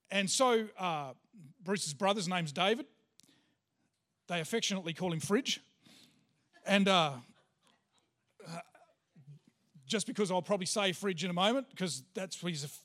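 A man's voice: sits high, fairly bright tone. A man, a pastor giving a sermon and telling a personal story in a chatty way with lots of fillers.

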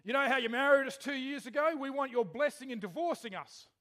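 A man's voice: very high-pitched, fairly quick, pushed and bright, pitched above the performer's own voice. A man acting out a husband phoning his pastor in the middle of the night, pressing him to come bless a divorce. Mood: insistent. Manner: insistent, pushy.

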